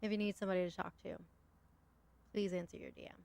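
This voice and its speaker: A woman's voice: medium pitch, steady tone, fast talker, vocal fry, a little mellow. A woman co-hosting a live stream, chatting in a playful, teasing way. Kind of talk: casual chat on a live stream.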